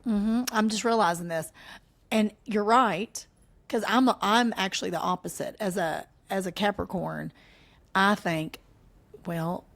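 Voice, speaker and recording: Animated Southern woman co-hosting a chat. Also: mid-range voice, a little slow, creaky. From American South. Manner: animated, acts out quoted lines in playful voices. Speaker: podcast co-host. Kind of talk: casual chat.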